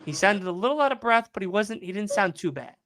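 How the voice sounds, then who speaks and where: A man's voice: high voice, expressive, fast, background noise. A man on a podcast telling a long work story in a casual, profane and exasperated rant. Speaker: podcast co-host.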